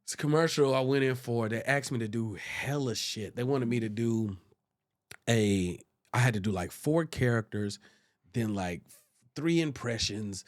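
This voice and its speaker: A man guesting on a podcast, telling stories casually and jumping into loud, high voices when he quotes people. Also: normal speed. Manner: animated, jumps into loud high voices when quoting people, restarts often. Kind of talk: casual storytelling. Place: podcast studio.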